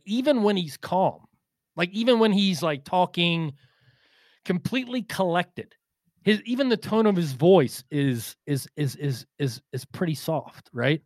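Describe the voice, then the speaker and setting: A man's voice: a little high, dry recording, clean studio sound. A man co-hosting a boxing podcast in casual chat, rambling with lots of fillers and restarts and swearing freely.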